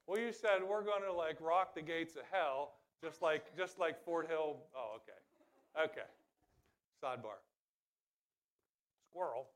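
A man's voice: a little high, unhurried, pauses often, fairly bright tone. A man preaching a sermon in a conversational way that builds to emphatic calls. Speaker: pastor.

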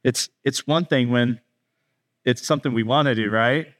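A male pastor giving a conversational sermon. He talks straight to the congregation, kids included, and acts out bits of dialogue in quick asides. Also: medium pitch, a bit bright. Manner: speaks directly to kids in the congregation.

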